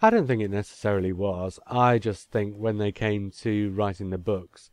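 Male podcast co-host, lower voice, chatty, dry close mic. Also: normal speed, a little mellow, no room sound. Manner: chatty, reads listener emails aloud. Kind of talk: casual podcast discussion.

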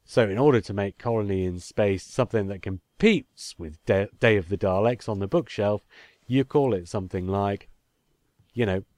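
Male podcast co-host, lower voice, chatty, dry close mic. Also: normal speed, a little mellow, no room sound. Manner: chatty, reads listener emails aloud. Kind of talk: casual podcast discussion.

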